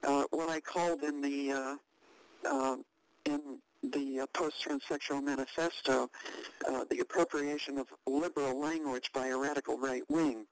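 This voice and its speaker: An older woman recounting a past event in an interview, halting and measured with many fillers and restarts, and a wry, dry understatement. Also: extremely low pitch, steady tone, low-quality recording.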